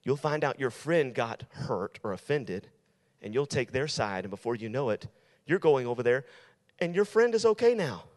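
A man's voice: medium pitch, big pitch swings, normal speed, long reverb tail. A male youth pastor preaching to teenagers in an emphatic style, repeating his key lines. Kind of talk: sermon.

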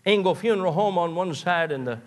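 A man's voice: high-pitched, fairly quick, slight background noise. A man, preaching a sermon in a folksy storytelling way, often restarting his words. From eastern Kentucky. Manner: folksy storytelling with repeated stammered starts.

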